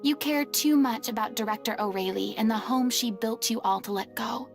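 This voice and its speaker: A woman's voice: on the high side, moderate pace, music in the background, natural voice. An actress playing a stern but caring young woman who lectures two quarreling actors, in game voice acting. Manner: firm, lecturing.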